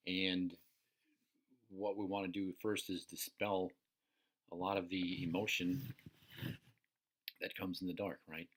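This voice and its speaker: A man's voice: sits low, flat delivery, slow, pauses often, fairly bright tone. A man coaching listeners in a casual, unscripted teaching talk, profane and checking in with "right?" often. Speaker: personal development coach.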